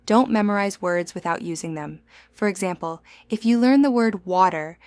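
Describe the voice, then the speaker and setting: A woman teaching a scripted English lesson in a clear, measured, encouraging way. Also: medium pitch, darkish tone, no echo.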